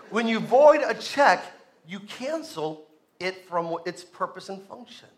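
A man preaching a sermon to a congregation, joking and animated, often asking the room to respond. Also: sits high, unhurried. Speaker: pastor. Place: church sanctuary with congregation.

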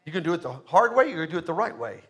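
High-voiced man preaching emphatically. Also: big pitch swings, very fast, a bit bright. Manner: emphatic preaching, repeats phrases, calls for congregation response. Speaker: pastor. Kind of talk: sermon.

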